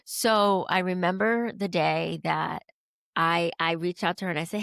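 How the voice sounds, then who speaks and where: A woman guest telling a personal story in a lively way, acting out the dialogue she quotes. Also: on the low side, measured pace, vocal fry, no echo, studio quality. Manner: animated, acts out quoted dialogue. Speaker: podcast guest.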